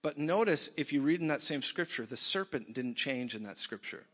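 A man preaches with a bright, forceful, somewhat high voice, blunt and jokey, jumping between loud bursts and quiet passages. His voice rings with long reverb through a church hall, and the recording sounds a little dull and muffled. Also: normal speed. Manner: animated, blunt, jokey, swings from loud to soft. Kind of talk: sermon.

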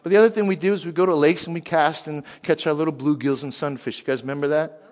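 A man from western Pennsylvania preaching a sermon, lively, and he keeps asking the crowd questions. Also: a little high, fast. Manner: animated, asks the crowd questions. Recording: long hall reverb.

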